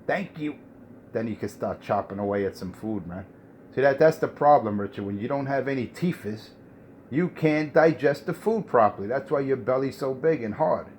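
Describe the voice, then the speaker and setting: A man's voice: medium pitch, animated, moderate pace, darkish tone, a little hiss or hum. A man on a CB radio mocking and lecturing another operator, repeating "man" as he talks. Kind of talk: trash-talking radio banter.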